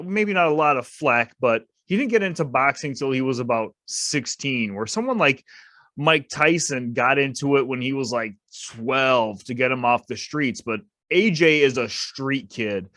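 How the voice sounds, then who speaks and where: A man's voice: mid-range voice, fairly bright tone, no room sound. A man co-hosting a casual boxing podcast, opinionated and emphatic, repeating his points to drive them home. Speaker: podcast co-host.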